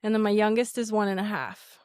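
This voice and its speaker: A woman in her thirties speaks as a podcast guest, reflective and unhurried. She slows down when making a point, in a middle-pitched voice. The sound is dry and close, with no room around it. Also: darkish tone, clean tone, dry recording. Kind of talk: casual faith conversation.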